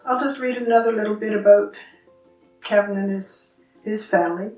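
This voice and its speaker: A woman's voice: medium pitch, fairly even intonation, normal speed, a little mellow. Older woman reading aloud. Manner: chatty, laughs easily, wry. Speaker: podcast guest and writer. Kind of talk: casual chat and reading her own writing aloud. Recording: roomy sound from a distant mic, faint music.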